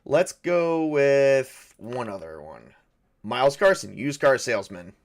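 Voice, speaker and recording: A man with an animated, mid-range voice takes his time running a tabletop game alone. He muses aloud as game master, wandering off track, revising what he's said and chuckling at his own humor.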